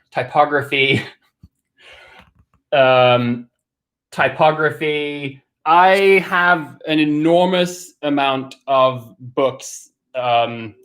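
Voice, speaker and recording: A man's voice: medium pitch, a bit bright. Chatty, hesitant man hosting a live Q&A. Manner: chatty, hesitant, with many pauses and fillers. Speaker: livestream host answering questions. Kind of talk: casual live Q&A chat.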